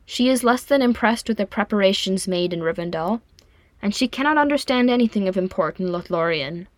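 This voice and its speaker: A woman reading a fond, teasing older female dwarf, with a gentle, amused manner. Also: mid-range voice, animated, a little fast, no echo, natural voice. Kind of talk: audiobook fan fiction reading.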